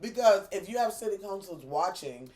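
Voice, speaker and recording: A woman's voice: mid-range voice, expressive, moderate pace, a little mellow. A woman from Boston with a Boston accent, co-hosting a casual food-and-talk show and playfully teasing and correcting her friend. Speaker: co-host. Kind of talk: casual mukbang chat. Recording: noisy with clicks.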